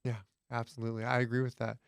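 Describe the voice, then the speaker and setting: A man's voice: mid-range voice, completely flat delivery, rapid-fire, clear, resonant tone, no room sound, clean studio sound. A man hosting a podcast interview who chimes in with short, agreeable replies. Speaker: podcast host. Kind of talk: casual interview chat.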